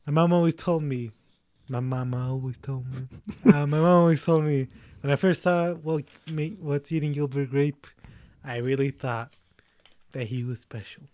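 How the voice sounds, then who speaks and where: A man in casual chat, joking and laughing often as he acts out quick lines. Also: mid-range voice, steady tone, mellow, dry recording.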